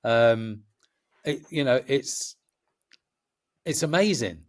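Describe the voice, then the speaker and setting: A middle-aged Englishman talks as a guest on a chat show. His voice sits at an ordinary pitch, and he speaks passionately. He rambles and restarts his sentences again and again. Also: lively intonation, takes it slowly. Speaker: festival promoter, guest. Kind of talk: casual chat.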